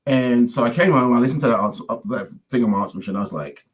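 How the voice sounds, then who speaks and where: A man's voice: mid-range voice, racing, poor audio. A man from London with a London accent, telling a story in a casual conversation and acting out the voices of the people in it. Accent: London English. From London, England. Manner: animated storyteller, acts out quoted voices. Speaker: guest musician.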